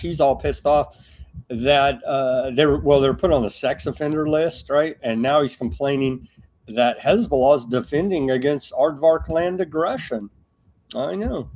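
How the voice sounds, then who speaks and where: A man's voice: medium pitch, a little mellow. A man hosting a live political news commentary show, talking in a sarcastic, mocking way with lots of fillers and restarts.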